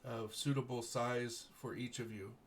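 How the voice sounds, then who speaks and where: Noble baron, a man doing the voice, formal, measured, slow court speech. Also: medium pitch, steady tone, close to an everyday voice. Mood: grateful, formal. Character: gracious noble male baron addressing heroes.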